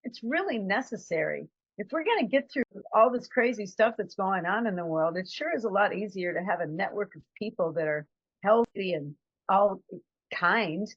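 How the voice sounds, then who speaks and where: A woman's voice: medium pitch, animated, moderate pace, breathy edge, no echo, lo-fi sound. Woman giving a reflective motivational talk. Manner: conversational, reflective, acts out quotes.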